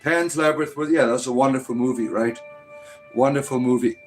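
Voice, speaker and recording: A man's voice: mid-range voice, a little fast, soft background music. A man hosting a casual livestream, rambling through answers with lots of fillers and playful sarcasm toward the chat. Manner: rambling, full of fillers and "right?". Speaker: livestream host.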